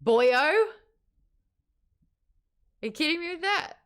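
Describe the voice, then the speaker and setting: A brash young rebel bloke with a broad Australian accent, as a woman puts him on, loud and swaggering. His voice pitches up high and bounces around wildly, with plenty of push behind every shout. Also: animated, slow. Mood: rowdy. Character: rowdy brash young male rebel fighter, Aussie bloke.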